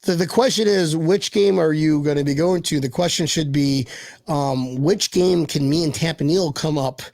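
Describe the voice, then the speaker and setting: A high-pitched man with a gravelly edge hosts a live web show, hyped and loose, calling everyone bro and throwing in swear words. The sound is dry and close to the mic. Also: normal speed, a little mellow, no room sound. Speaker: host. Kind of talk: casual live-show chat.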